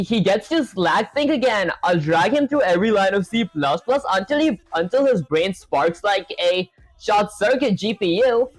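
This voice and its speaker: A man's voice: high-pitched, no room sound, low-quality recording. Man voicing a grandiose male AI sensei, bossy and theatrical, dry close sound.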